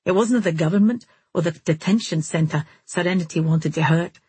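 A calm, steady young man tells what happened in a gentle, earnest way, read by a woman. The voice sits low and soft with a breathy edge. The audiobook recording is close and dry. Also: normal speed, no echo.

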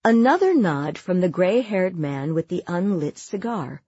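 Slow, husky woman narrating a story. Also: fairly low pitch, dry recording, muffled recording. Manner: measured, even storytelling. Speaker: audiobook narrator. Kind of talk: scripted narration.

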